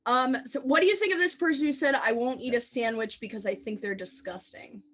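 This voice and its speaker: A woman's voice: fairly high pitch, fairly quick, fairly bright tone. A young woman co-hosting a podcast in casual chat, giggly and playful, sometimes trailing into mumbles. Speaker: podcast co-host.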